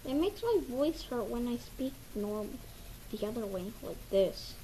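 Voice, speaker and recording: An eager young male bird who squeaks and whines when excited, as a woman puts him on. His voice sits high and swings up sharply. The character comes from a homemade toy skit. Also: measured pace, slight background noise, poor audio.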